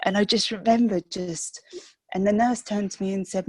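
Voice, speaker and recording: A young woman, a podcast guest, telling the story of her sick child in a halting, emotional way with many restarts. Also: mid-range voice, little pitch movement, a little mellow, no echo. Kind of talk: personal storytelling in a podcast interview.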